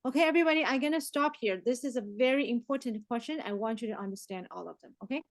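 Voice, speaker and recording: High-voiced woman teaching math. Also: fast talker, no echo. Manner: lively, mixes English and Chinese, asks the class questions. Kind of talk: online math lesson.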